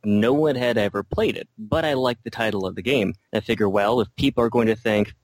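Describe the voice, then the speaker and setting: A man's voice: fairly low pitch, a little fast, no room sound, low-quality recording. A man joining a podcast remotely as a guest game master, with a dry, wry humor. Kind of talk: casual podcast chat. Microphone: remote call.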